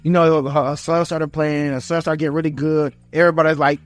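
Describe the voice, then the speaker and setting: A young man, a former football player, telling lively stories in an interview and acting out what family and fans said. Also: mid-range voice, fairly quick, soft background music. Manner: animated, acts out quotes of family and fans. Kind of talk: storytelling interview.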